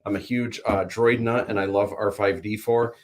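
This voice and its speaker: A man hosting a livestream, chatting casually, rambling through animated opinions full of fillers and restarts. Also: lowish voice, moderate pace. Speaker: livestream host. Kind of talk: casual chat.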